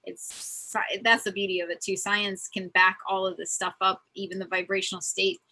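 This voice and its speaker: A woman hosting a casual spiritual conversation, telling stories in an earnest, animated way. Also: medium pitch, normal speed, rough recording. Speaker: host.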